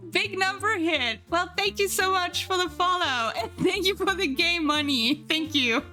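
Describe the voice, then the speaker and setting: A bubbly young woman streams live, her voice high and bright, chatting along while she draws. She giggles easily and keeps up a stream of cheerful chatter with her viewers. Soft music plays faintly underneath. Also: normal speed. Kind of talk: casual live-stream chat while drawing.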